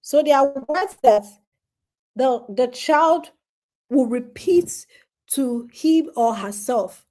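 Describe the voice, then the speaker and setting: A woman's voice: sits high, animated, slow, a little mellow. A woman giving an earnest parenting advice talk, speaking straight to parents and repeating key points for emphasis. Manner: addresses parents directly.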